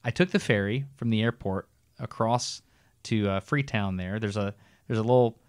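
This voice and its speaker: Animated man telling a story, dry sound. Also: lowish voice, normal speed, smooth, no echo. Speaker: podcast co-host. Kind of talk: casual storytelling chat.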